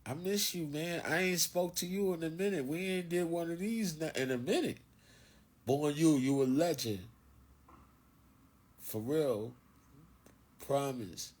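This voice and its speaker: A man's voice: fairly high pitch, a little slow, pauses often, darkish tone. A man with a Philadelphia accent talking loosely and profanely to viewers on a phone livestream, swaggering and preachy. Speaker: livestream host. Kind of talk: casual livestream monologue.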